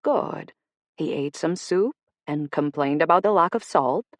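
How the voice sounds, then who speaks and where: A woman voicing a calm, kindly live-in nurse who speaks gently. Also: deep voice, a little slow, no echo. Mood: gentle.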